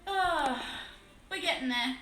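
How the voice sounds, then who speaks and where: An Australian woman chatting casually on a live stream while painting a model, excitable and swearing freely. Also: high-pitched, slow pace, reverberant, faint music behind, poor audio.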